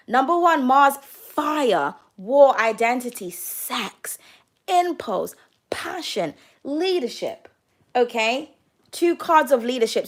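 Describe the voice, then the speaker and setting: Young woman doing a tarot reading, high voice, chatty and sassy, swears a lot, keeps saying darling. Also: a bit bright. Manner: chatty, calls listeners "darling", swears freely. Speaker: tarot card reader.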